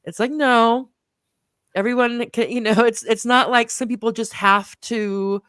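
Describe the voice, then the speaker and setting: A podcast host talks casually, often stopping and restarting a thought before landing on it. Between points there are soft "mm" sounds of agreement. The voice sits in a mid range and is recorded close and dry. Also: medium pitch, fairly even intonation, smooth, dry recording. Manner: halting, many restarts and "mm" backchannels.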